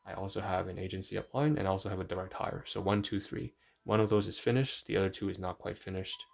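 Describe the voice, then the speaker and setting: Low, gravelly man reading aloud. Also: fairly even intonation. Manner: reads aloud haltingly, stumbling over long words; thinks aloud with frequent fillers. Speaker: livestreamer. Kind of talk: casual live-stream study talk, reading aloud.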